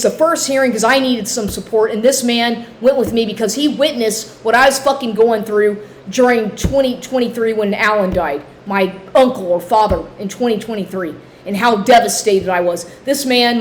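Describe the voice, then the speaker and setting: A woman's voice: fairly high pitch, a little hiss or hum. A middle-aged woman in an angry personal rant, agitated, swearing and repeating herself.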